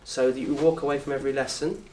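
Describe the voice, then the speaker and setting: A man with a southern English accent teaching an Arabic course in a lecture room. He talks in a lively way, quizzes the audience and acts out little scenes. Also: medium pitch, fast, slight background noise. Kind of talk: lecture to an open day audience. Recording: roomy echo from a distant mic.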